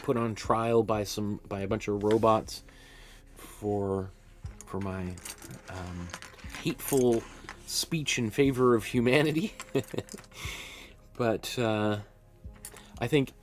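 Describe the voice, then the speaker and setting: Taking his time and pausing often, a man with a fairly low voice teaches painting on a casual live stream from his studio. His talk is chatty and rambling, he laughs at himself often, and he has the hiccups.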